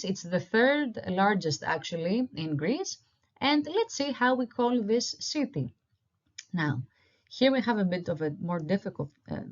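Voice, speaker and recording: A woman teaching an online language lesson, patiently repeating each word slowly for learners. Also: medium pitch. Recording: dull lo-fi recording.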